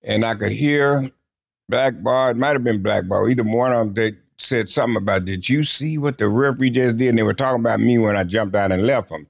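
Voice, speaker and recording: An older man, an interview guest, telling lively stories from his career in a casual chat and acting out the quotes. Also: mid-range voice, a little fast, gravelly. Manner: lively anecdotal storyteller who acts out quotes.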